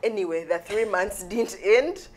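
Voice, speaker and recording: A woman telling a long personal story in casual chat, lively, with quoted asides. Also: medium pitch, a little slow, low-quality recording.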